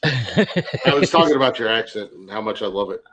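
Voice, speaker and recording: A man's voice: mid-range voice, lively intonation, moderate pace, crowd noise, rough recording. Swearing laughing Ohio man. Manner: loud, laughing, swears freely. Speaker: podcast host. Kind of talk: crude casual banter.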